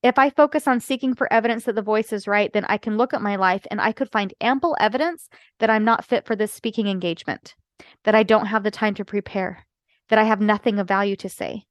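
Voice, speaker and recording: A woman's voice: mid-range voice, a little fast, dry recording. Earnest woman podcaster, dry close sound. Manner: earnest, explanatory, frequent "right?" asides. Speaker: podcaster and life coach. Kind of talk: solo podcast talk.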